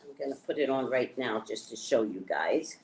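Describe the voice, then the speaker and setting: A woman chatting casually to her viewers, excitedly showing off things she bought and talking about them. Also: a bass voice, moderate pace. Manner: chatty, excitable, shows items to camera. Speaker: spiritual reader and vlogger. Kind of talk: casual live chat to viewers.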